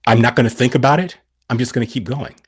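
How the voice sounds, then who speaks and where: A man's voice: medium pitch, quick pace, husky. A middle-aged man on a podcast explaining scripture, asking and answering his own questions. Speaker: podcast guest.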